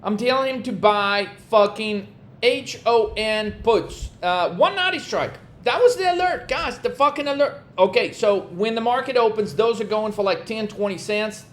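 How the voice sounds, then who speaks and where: A man talking as a trading coach in a vlog, ranting bluntly with constant swearing and exasperation. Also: very high voice.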